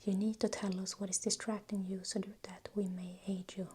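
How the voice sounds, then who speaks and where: A woman voicing a deep-voiced male elder shaman who speaks in a measured, diplomatic way, in a whispered role-play. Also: flat delivery, warm tone, slight background noise, natural voice. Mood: firm.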